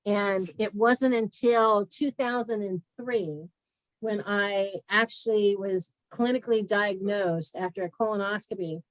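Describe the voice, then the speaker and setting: Brief: candid woman health practitioner, mid-pitched, dry close sound, lively storytelling. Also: a little slow, dry recording, rough recording. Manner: candid and animated, acts out conversations. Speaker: guest speaker, health practitioner. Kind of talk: frank personal storytelling in an interview.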